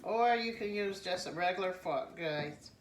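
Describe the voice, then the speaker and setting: A woman's voice: fairly low pitch, moderate pace, roomy sound, recorded from a distance, background noise. A woman hosting a cooking channel, giving a casual, homey cooking demonstration in her kitchen and often calling the viewers "guys". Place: home kitchen.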